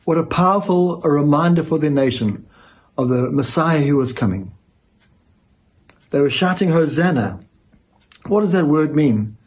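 A male pastor giving a sermon, speaking emphatically with dramatic pauses. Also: on the high side, expressive, husky.

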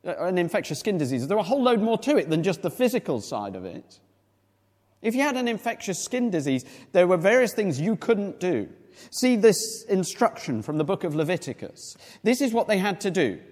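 Guy preaching a sermon, high voice, chatty bible talk with lots of "do we?" questions, long echo like a big hall. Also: big pitch swings, brisk, a little mellow. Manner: conversational Bible exposition with rhetorical questions.

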